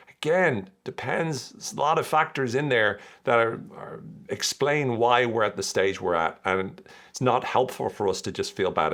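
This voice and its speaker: A man's voice: fairly low pitch, a bit bright. A man hosting a podcast, explaining ideas in a casual, chatty and jokey way. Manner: chatty, jokey, acts out quoted voices. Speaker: podcast host.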